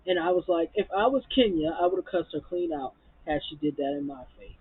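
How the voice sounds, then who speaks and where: A woman with a very raspy, husky voice recaps a reality show, animated and full of profanity. The audio is tinny and narrow, like a phone call. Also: on the low side, fairly quick. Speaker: TV recap vlogger.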